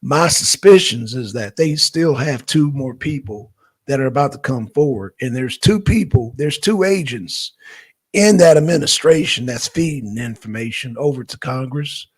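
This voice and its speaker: A man's voice: medium pitch, lively intonation, normal speed, husky. A man from Georgia with a Southern accent, chatting casually to viewers as the host of a political livestream. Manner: chatty, addresses viewers directly, gives shout-outs.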